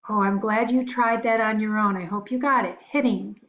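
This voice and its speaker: A woman teacher giving a recorded spelling lesson to young children, slowly spelling words out letter by letter and encouraging them. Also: medium pitch, steady tone, fairly bright tone, muffled recording.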